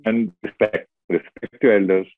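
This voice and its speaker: A middle-aged man with an Indian English accent, an actor chatting in an interview, telling stories expressively with lively asides. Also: lowish voice, moderate pace, no echo. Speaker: actor guest. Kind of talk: casual interview chat. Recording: dry, tinny phone-like sound.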